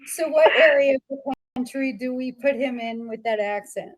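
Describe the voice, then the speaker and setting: A woman's voice: high-pitched, moderate pace. A woman hosting a psychic show in casual livestream chat, chatty and laughing, with many fillers.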